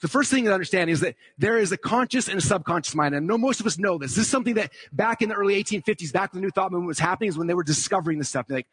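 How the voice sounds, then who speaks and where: A man giving a live conference talk, teaching quickly and checking in with "okay?" and "right?" as he draws on slides. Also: sits high, animated, a bit bright, slightly rough. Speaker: speaker at a conference.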